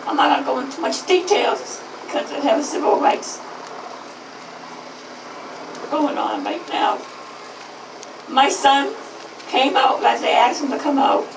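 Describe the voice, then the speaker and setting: A woman in her fifties, a grieving mother, giving an impassioned public speech at a rally. She is emphatic, repeats slogans and her voice rises toward shouts. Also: high-pitched, moderate pace, reverberant, far from the mic, noisy background.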